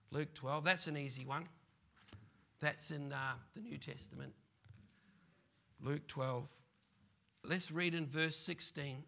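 A man preaching a sermon as pastor, animated and full of playful asides. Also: fairly high pitch, creaky.

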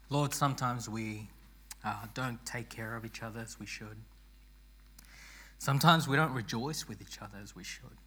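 A man preaching to his congregation with a very bright, sharp voice that has gone hoarse. He is earnest and rousing, stumbling over his restarts as he presses his points. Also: medium pitch, measured pace, pauses often. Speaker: pastor. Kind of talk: sermon.

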